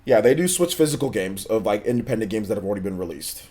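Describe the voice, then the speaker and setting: A man's voice: lowish voice, lively intonation, fast, a little mellow. A man hosting a gaming livestream in casual chat, laid-back and slangy, often repeating himself while answering viewers. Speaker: livestream host.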